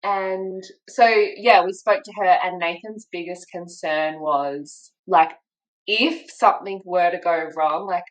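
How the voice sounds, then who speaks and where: A woman's voice: on the low side, slow, poor audio. A young Australian woman, a podcast guest, telling her story in a casual interview and acting out the people she quotes.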